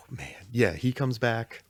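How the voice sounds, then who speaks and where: A man's voice: medium pitch, very slow. A man co-hosting a podcast, chatting casually and joking, acting out silly lines. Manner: joking, acts out goofy movie lines. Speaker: podcast co-host. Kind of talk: casual chat.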